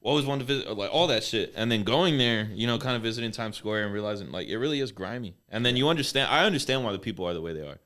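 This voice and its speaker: Guy on a podcast, talks quick, kinda low voice, swears a lot. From Texas. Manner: profane, animated storyteller. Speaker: podcast co-host. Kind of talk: casual podcast chat.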